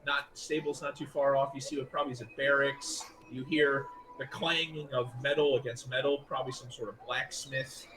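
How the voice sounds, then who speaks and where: A man's voice: medium pitch, level tone, background noise. A man running a tabletop game as game master, narrating casually with restarts. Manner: casual, loose, with restarts and quick figure voices.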